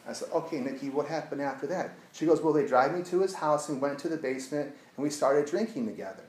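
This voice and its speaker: This addiction therapist relates a client story to an audience, earnest at first and then hushed during the retelling. His voice runs on the high side, animated and fast, and the poor audio is reverberant with a little hiss or hum.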